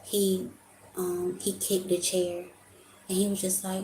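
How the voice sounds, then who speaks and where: A woman's voice: mid-range voice, flat delivery, moderate pace, warm tone, a little hiss or hum. A young adult woman giving an emotional, casual tarot reading, talking to her viewers as y'all. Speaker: tarot reader. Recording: echoey room with faint ambience.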